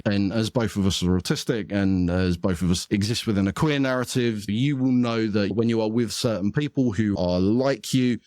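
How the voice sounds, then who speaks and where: A man's voice: fairly low pitch, darkish tone, no room sound, studio quality. A man, a podcast guest explaining his views in a thoughtful, conversational way. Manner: thoughtful, explanatory, with occasional laughs. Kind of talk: conversational interview.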